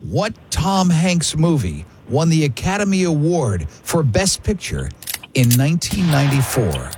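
A man hosts a radio show in casual, joking banter, quizzing a caller. His voice sits a little high and swings widely in pitch, as if he's always about to crack a joke. A faint hiss runs under the recording. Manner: joking, animated, quick asides. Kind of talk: casual radio banter running a trivia game.

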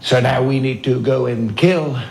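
A man's voice: medium pitch, measured pace, vocal fry. A man doing a comedy impression of a boastful, rambling villain father.

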